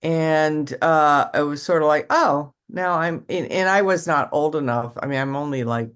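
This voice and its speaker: Chatty older actress telling stories. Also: female voice, low voice, normal speed, smooth. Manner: chatty, rambling with restarts and acted-out quotes. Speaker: actress guest. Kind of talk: casual interview storytelling.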